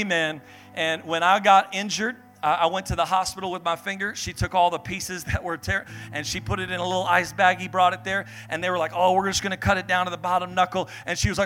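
A young man preaching an energetic sermon, acting out Bible figures and family members in quick voices. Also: sits high.

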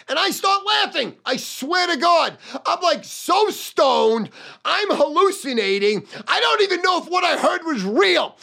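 A man tells his story loud and boastful, swearing freely. His voice sits high and gravelly, with a bright edge. His pitch swings a lot from line to line. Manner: brash, profane, loud and boastful. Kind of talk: storytelling monologue.

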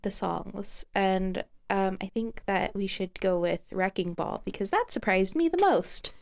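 A woman's voice: mid-range voice, lively intonation, measured pace, gravelly. A woman co-hosting a radio music show, chatting casually with a dry, teasing manner.

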